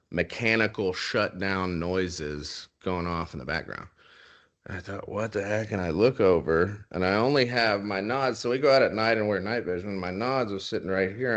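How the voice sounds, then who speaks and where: A man's voice: low voice, a bit bright, highs cut off. A man, a military veteran, candidly telling a personal story with wry humor about grim events. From United States.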